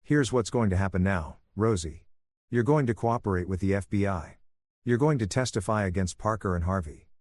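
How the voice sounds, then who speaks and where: A man voicing a betrayed husband who speaks with calm, controlled menace, in a dry, close recording. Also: on the low side, normal speed, no room sound, close to an everyday voice. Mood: menacing. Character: cold, vengeful betrayed husband, adult man.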